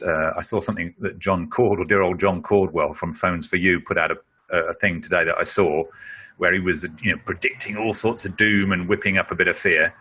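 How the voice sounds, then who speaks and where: A middle-aged man speaking in a webinar, taking a question and working through the answer at a conversational pace. His voice is bright and a little husky, and it sits somewhat low. He leans on frequent fillers as he explains. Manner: explanatory, conversational, with many "you know" fillers. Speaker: speaker on leadership.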